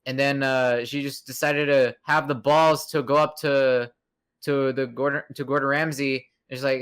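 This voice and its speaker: A man's voice: medium pitch, level tone, normal speed, fairly bright tone, clear, resonant tone. A young man hosting a podcast, chatting casually in a rambling, profane way with lots of fillers and restarts. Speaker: podcast host. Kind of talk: casual chat.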